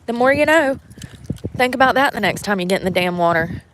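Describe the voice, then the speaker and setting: A woman's voice: fairly high pitch, expressive, fairly quick, fairly bright tone, slight background noise. A woman chatting casually into her phone outdoors by the water, swearing freely and laughing often. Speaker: vlogger. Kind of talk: casual outdoor vlog chat. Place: outdoors by the water on a cold day.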